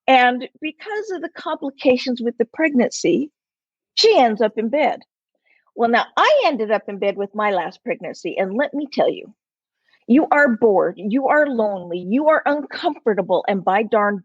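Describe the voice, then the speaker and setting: A woman in her sixties, an interview guest, telling a personal story in an animated way and acting out the voices in it. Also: mid-range voice, breathy edge, no room sound. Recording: slightly muffled, lo-fi.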